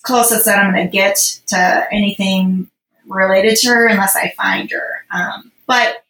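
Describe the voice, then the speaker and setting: Woman, podcast guest, rambling and filler-heavy, bright voice, roomy echo. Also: medium pitch, steady tone, unhurried. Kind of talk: casual personal storytelling.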